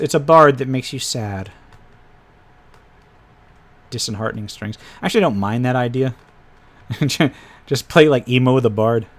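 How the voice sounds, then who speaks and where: A man hosting a casual live stream, thinking aloud as he pages through tabletop game files and drops wry asides. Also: mid-range voice. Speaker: host reviewing tabletop game PDFs.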